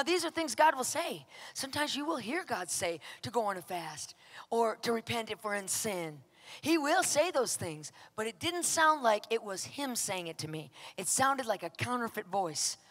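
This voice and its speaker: A woman minister tells her story of struggle as a sermon, acting out her own outbursts in an emphatic, dramatic way. Her voice sits a bit high. The sound trails off in a long reverb. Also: fairly bright tone. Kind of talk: personal testimony preaching.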